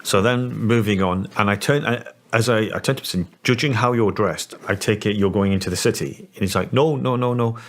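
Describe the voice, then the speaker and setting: A Scottish man in his forties, telling a story in an interview in a halting way, with many restarts. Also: fairly low pitch. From Scotland. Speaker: interview guest.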